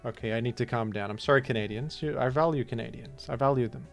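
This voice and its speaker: A man talks through a guessing game in loose, rambling commentary. He jokes and breaks into mock-outraged asides, at an everyday middle pitch. Faint music plays behind him. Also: fast, gravelly. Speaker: gaming video host. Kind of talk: casual gameplay commentary.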